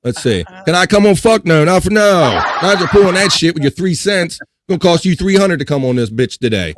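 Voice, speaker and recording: A man's voice: high-pitched, expressive, brisk, no room sound. Profane ranting man hosting a livestream. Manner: profane, ranting, laughing while venting. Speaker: livestream podcast host. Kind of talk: casual livestream chat.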